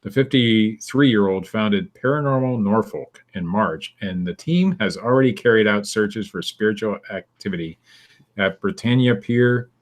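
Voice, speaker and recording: Podcast guy w a lowish voice, reads weird news out loud, sarcastic, chuckles through it. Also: animated, normal speed. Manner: dry, sarcastic, laughs while reading. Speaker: podcast co-host. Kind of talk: casual chat, reading news stories aloud.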